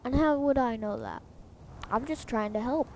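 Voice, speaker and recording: A woman's voice: a little high, moderate pace, a little hiss or hum, close to an everyday voice. Woman reading as a nagging, caring mother. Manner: gently nagging, questioning. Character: caring, prodding middle-aged mother on the phone. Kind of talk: reading game dialogue aloud.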